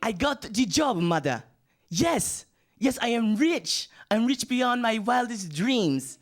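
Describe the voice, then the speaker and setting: A man's voice: very high-pitched, very animated, takes it slowly, pitched above the performer's own voice, full character voice. A man putting on an overjoyed, stiffly formal young man. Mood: excited, formal. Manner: stiff, overly polite and formal. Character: young African man phoning his mother, overjoyed and formal.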